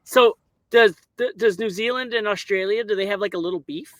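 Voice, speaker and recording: A man's voice: high voice, fairly quick, no echo. A man, hosting a casual podcast chat and asking easygoing, teasing questions. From Canada. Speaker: podcast host.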